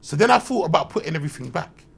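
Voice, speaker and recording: A man, telling loud, slang-heavy, swearing stories as a podcast guest. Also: on the high side, sing-song, racing, vocal fry, husky. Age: 30s. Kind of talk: animated anecdote telling.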